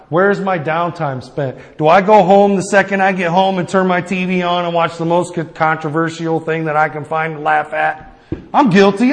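A man's voice: on the high side, big-room sound. A man preaching a sermon, plain-spoken and personal, often calling out for an amen. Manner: call-and-response asking amen.

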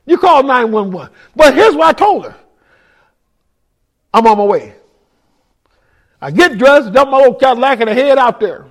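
A man telling his life story as a testimony, emphatic, sinking low and quiet when he warns. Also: sing-song, moderate pace, pauses often. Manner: emphatic, drops low and quiet for quoted warnings.

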